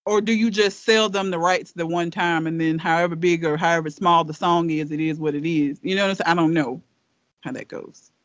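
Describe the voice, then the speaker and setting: High-voiced Alabama man, Southern drawl, blunt and laughing, dry lo-fi podcast sound. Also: fairly even intonation, a little fast, fairly bright tone, no room sound. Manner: blunt, emphatic, laughs often. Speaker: podcast co-host. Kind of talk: casual chat.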